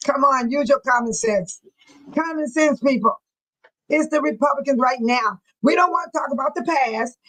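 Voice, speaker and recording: Woman, livestream host, emotional, preachy talk, a touch high. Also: moderate pace, a bit bright, poor audio. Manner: emotional, reads viewer comments aloud, preachy. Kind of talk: casual livestream chat.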